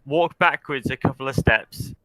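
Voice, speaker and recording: A man's voice: medium pitch, moderate pace, a bit bright, low-quality recording. A man playing a tabletop game, joking and self-conscious. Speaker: player. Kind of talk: casual tabletop play.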